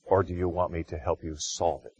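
Low-voiced man preaching a conversational sermon. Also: little pitch movement, breathy edge, no echo. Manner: conversational preaching with sudden loud, slow emphatic phrases. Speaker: pastor.

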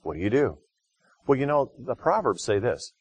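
A middle-aged man preaching a sermon in a conversational way, rising to loud, slow, emphatic phrases for stress. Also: medium pitch, very animated, husky. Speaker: pastor.

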